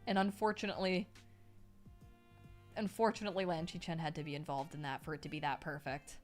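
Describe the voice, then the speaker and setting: A young woman streaming herself reading a novel aloud, breaking off to react excitedly, swear freely and thank donors. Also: sits low, fairly quick, faint music behind.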